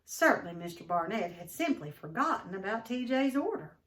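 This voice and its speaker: A woman's voice: on the high side, brisk. Woman teacher reading a novel aloud, distant mic. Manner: expressive storyteller who stops to ask the class questions.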